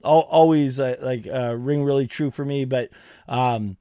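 A man's voice: mid-range voice, fairly even intonation, measured pace, warm tone, smooth, no echo, clean studio sound. A man co-hosting a podcast, talking hesitantly with many stops and restarts. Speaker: podcast co-host. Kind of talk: casual chat.

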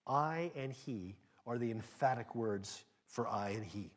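A man preaching a sermon, speaking emphatically and directly to his congregation, swinging between loud emphasis and hushed asides. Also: medium pitch, lively intonation, unhurried.

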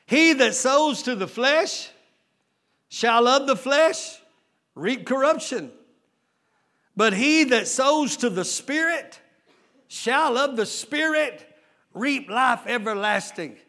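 A man preaching a sermon as lead pastor, using drawn-out emphatic phrasing and calling out rhetorical questions to his congregation. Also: very high-pitched, animated, sharp tone. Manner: drawn-out emphatic phrasing, stretching key words.

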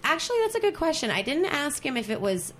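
A woman on a podcast telling a long, animated story in casual chat, rambling with fillers and restarts. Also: high voice, fast.

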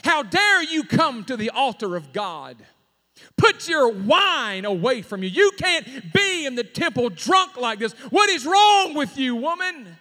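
Brief: stern old priest, put on by a man preaching, sharp rebuke, bright tone. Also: very high-pitched, big pitch swings, unhurried, full character voice. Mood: scolding. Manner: sharp, scolding. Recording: long hall reverb.

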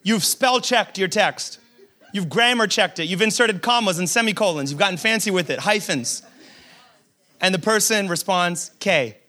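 A man who is a pastor, preaching a sermon in a lively, humorous storytelling way, acting out quotes and repeating words as he builds a point. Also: high-pitched, normal speed.

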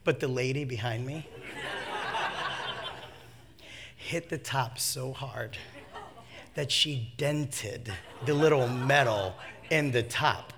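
A man preaching a sermon, telling a comic personal story with lively swings from hushed asides to shouts, laughing at himself. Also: mid-range voice, slow pace, creaky, pauses often.

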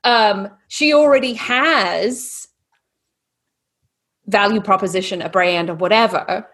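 A woman with a blended British and Texan accent that sounds Australian, speaking as a podcast guest in a lively, animated way. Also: medium pitch, slow pace, breathy edge. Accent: mixed British and Texan, sounds Australian. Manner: lively, animated storytelling with put-on voices. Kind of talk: casual podcast interview.

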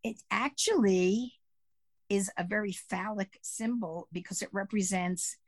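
A woman co-hosting a podcast in casual chat, explaining pagan holidays at a relaxed pace with many fillers. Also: mid-range voice, a little slow, no echo. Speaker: podcast co-host.

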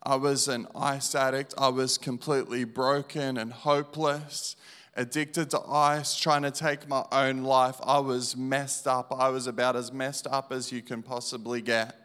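A man preaches an evangelistic sermon and shares his testimony, repeating phrases slowly and with emphasis as he swings from hushed to loud. His mid-range voice is clear and resonant, with a level tone.

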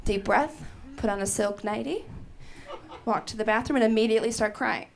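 High-voiced woman hosting a comedy show. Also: moderate pace, vocal fry, a crowd in the background. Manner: animated, laughing through her stories. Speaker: stand-up host. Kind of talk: stand-up comedy. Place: comedy club stage. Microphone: handheld stage mic.

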